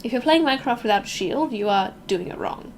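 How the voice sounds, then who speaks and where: A woman's voice: on the high side, animated, brisk, a little hiss or hum. A young woman from Melbourne with an Australian accent, chatting casually with viewers while streaming a game, reacting aloud and joking at her own expense.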